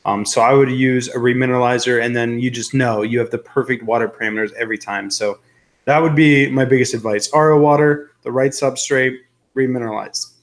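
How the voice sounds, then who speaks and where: A man's voice: medium pitch, steady tone, a little fast. Chatty male livestream host. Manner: rambling, joking, reads viewer comments aloud. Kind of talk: casual live-stream chat.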